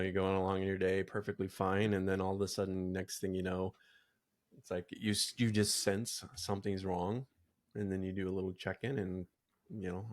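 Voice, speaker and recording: A man's voice: deep voice, vocal fry. A man hosting a podcast, telling a story with vivid imagery and acting out the quoted lines before leading a casual discussion. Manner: storytelling, builds up imagery and acts out quoted dialogue. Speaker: podcast host.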